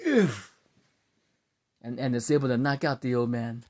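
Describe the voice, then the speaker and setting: A man's voice: mid-range voice, fast talker. A man casually retelling a dramatic story and acting out its scenes. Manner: animated, acts out scenes.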